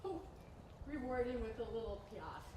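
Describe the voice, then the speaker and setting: A woman's voice: fairly high pitch, lively intonation, normal speed. A woman coaching a dressage riding lesson, calling out instructions and encouraging praise. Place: riding arena. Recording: echoey, distant, noisy. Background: horse hoofbeats.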